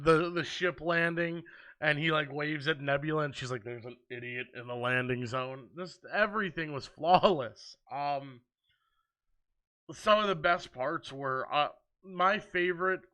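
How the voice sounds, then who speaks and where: Earnest young man with a bright voice. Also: fairly high pitch, measured pace, clear, resonant tone. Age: 20s. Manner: earnest and heartfelt, with frequent ums. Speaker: movie review vlogger. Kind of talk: casual ranking chat.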